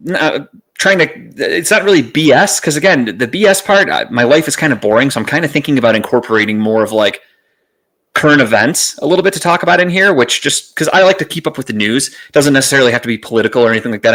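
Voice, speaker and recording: A man hosting his own podcast in a casual, rambling way, swearing freely and filling pauses with "uh". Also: medium pitch, a bit bright. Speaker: podcast host. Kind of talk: casual solo podcast chat. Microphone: streaming setup mic.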